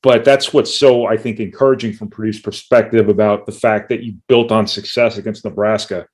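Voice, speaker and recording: Low-voiced man analyzing football. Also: steady tone, a little fast, darkish tone. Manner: analytical, with occasional dry jokes. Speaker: sports writer panelist. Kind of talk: sports talk show discussion.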